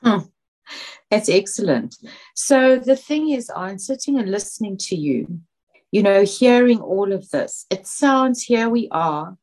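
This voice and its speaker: A woman's voice: mid-range voice, darkish tone. A woman hosting an interview, asking thoughtful, probing questions in a tentative, self-aware way. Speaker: interview host. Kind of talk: conversational interview.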